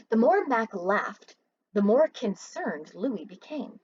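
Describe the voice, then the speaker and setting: A woman's voice: fairly high pitch, big pitch swings, slow, a little mellow, husky, lo-fi sound. A woman teacher reading a children's book aloud expressively and asking her listeners questions.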